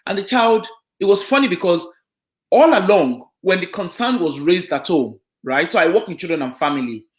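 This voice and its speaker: Lively high-pitched man explaining to parents. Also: moderate pace. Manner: explanatory, checks in with listeners. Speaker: children and family social worker. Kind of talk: community talk on parenting. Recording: echoey room.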